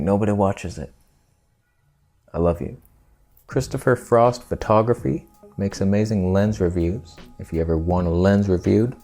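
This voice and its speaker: A man's voice: on the low side, warm tone. A man hosting a comedic roast monologue, sarcastic and mocking, slipping into mock impressions. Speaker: YouTube host.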